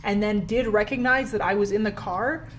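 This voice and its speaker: A beauty vlogger, a young woman from Canada, does her makeup at home while chatting casually in a get-ready-with-me format, self-deprecating and heavy on "like." She speaks at a moderate pace in a mid-range voice. It's a rough recording with faint, soft music in the background.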